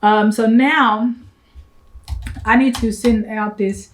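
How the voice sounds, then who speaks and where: A young woman who runs a travel agency, chatting fast and a little breathless to camera in a casual vlog, full of fillers and asides. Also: a little high, fairly even intonation, rough recording. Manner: fast, rambling, breathless talk. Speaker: travel agent business owner.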